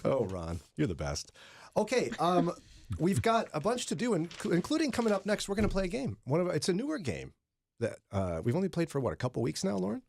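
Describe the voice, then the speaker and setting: A man's voice: on the high side, huge pitch swings, fairly quick, gravelly, a little mellow. A man hosting a morning radio show in a studio, chatty and joking with his co-hosts. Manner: chatty, jokey, laughs often. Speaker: radio host.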